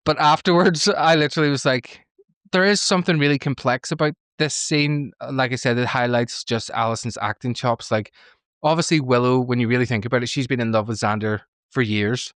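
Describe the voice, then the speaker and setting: A man co-hosting a casual reaction podcast, recapping lively with frequent laughs. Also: mid-range voice, brisk, dry recording, clean studio sound. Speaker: podcast co-host.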